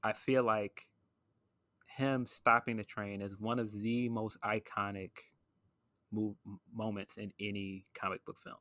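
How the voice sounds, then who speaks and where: Enthusiastic low-voiced man on a podcast. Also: steady tone, measured pace, sharp tone, no echo. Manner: enthusiastic, gushing, wrestling references. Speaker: podcast host. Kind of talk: casual podcast chat.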